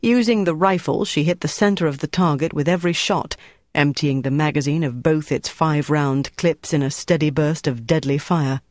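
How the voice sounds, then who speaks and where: An audiobook narrator reading a novel in a steady, measured storytelling manner. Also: mid-range voice, no echo, clean studio sound. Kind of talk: scripted narration.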